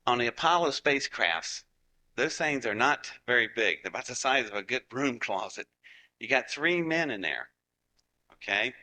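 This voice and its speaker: Southern US man, live-audience speaker; sharp bright tone, mid pitch, chatty folksy storytelling with jokes. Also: lively intonation, moderate pace. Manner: chatty, joking asides to the crowd.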